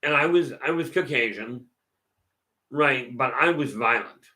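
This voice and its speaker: A host answers viewers' questions in a relaxed live Q&A, wandering through stories and frequently starting over. He speaks at a measured pace in a medium-pitched voice that is bright and forceful.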